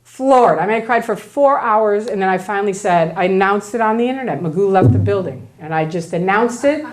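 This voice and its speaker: Animated middle-aged woman telling her story. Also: medium pitch, a little fast. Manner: animated storytelling, acting out quoted dialogue. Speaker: speaker at a talk. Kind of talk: personal story told to an audience. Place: event room before an audience.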